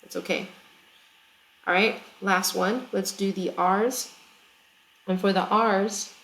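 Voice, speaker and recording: A woman's voice: mid-range voice, fairly even intonation, slow pace, long pauses, fairly bright tone. A woman teacher working through a math problem in a recorded lesson, chatty and explaining step by step with frequent checks for understanding. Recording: echoey room.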